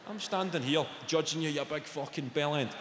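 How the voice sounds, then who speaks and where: Brash Scottish comedian, high bright voice. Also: male voice, fairly quick, a little hiss or hum. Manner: brash, sweary, animated storytelling. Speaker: stand-up comedian. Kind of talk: stand-up routine. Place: large theatre stage. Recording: echoey live hall with audience.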